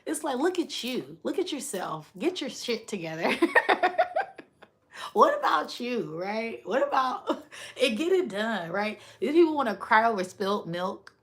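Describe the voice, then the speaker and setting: A woman's voice: fairly high pitch, very animated, unhurried, a bit bright. A woman hosting a spiritual livestream, talking casually and animatedly, laughing often and asking right after her points.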